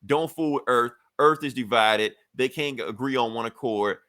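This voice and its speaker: Male podcast host, mid-pitch, animated comic recap voice, close dry mic. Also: normal speed, no room sound. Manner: animated storytelling, acts out characters' lines, swears casually. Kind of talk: casual comic book recap.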